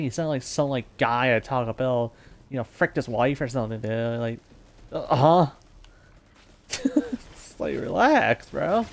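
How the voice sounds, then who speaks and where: A man's voice: mid-range voice, darkish tone, a little hiss or hum. A man telling a casual story-time monologue about his online gaming groups, rambling and laid-back with lots of fillers and laughs. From United States.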